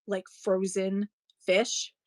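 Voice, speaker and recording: A woman in her forties sells items on a live stream, speaking at a medium pitch with a completely flat delivery and no echo. She chats casually as she shows her goods, wandering off on tangents and laughing readily.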